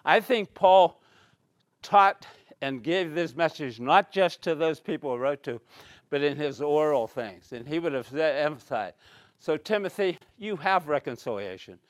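A man's voice: on the high side, unhurried, no room sound. A man preaching a bible study sermon, reading scripture aloud and stressing key words.

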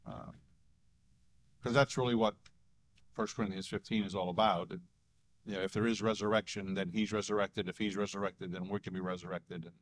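A man leading a casual church group discussion about a statement of belief, talking hesitantly with many restarts and small chuckles. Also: deep voice.

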